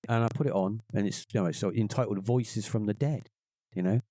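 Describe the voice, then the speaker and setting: A man's voice: brisk, no echo. A middle-aged man, telling a personal story on a podcast and acting out the voices of the people in it. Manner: animated, acts out quoted voices in a higher pitch. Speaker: podcast guest. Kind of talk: casual storytelling.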